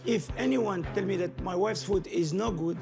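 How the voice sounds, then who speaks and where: A man's voice: sits high, moderate pace, vocal fry, music in the background. A man who owns a restaurant, talking in a reality TV clip in an aggressive, swearing manner. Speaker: restaurant owner.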